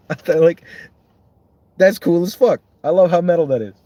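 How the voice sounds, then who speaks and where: A man's voice: a little high, measured pace, warm tone, dry recording. A young man, a songwriter, chatting casually and rambling on with lots of swearing and self-mocking jokes.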